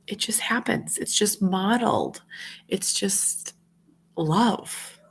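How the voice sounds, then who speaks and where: Gravelly-voiced mom with a slight cold. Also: female voice, medium pitch, takes it slowly, a little hiss or hum. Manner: earnest, heartfelt, rambling. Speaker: mom vlogger. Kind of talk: casual livestream chat.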